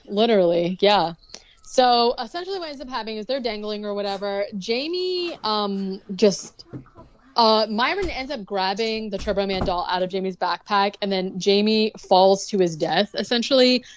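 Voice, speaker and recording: A woman's voice: mid-range voice, expressive, moderate pace, lo-fi sound, slight background noise. A woman co-hosting a podcast, recapping a movie plot in casual chat, with lots of ums and likes. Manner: rambling, full of ums and likes, bursts into bubbly impressions. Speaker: podcast co-host.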